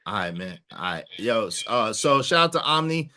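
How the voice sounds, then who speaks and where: A man's voice: lowish voice, very animated, moderate pace, sharp tone. A man hosting a live call-in chat room, handing turns to speakers and apologizing for mix-ups. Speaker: host of an audio chat room.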